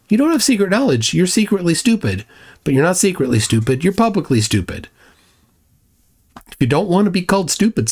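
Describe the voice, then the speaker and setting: A man with an ordinary mid-range voice hosts a casual livestream, reading viewer chats aloud. His delivery is blunt and openly mocking, with a sarcastic edge. He stumbles into frequent restarts as he talks. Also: mid-range voice. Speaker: livestream host.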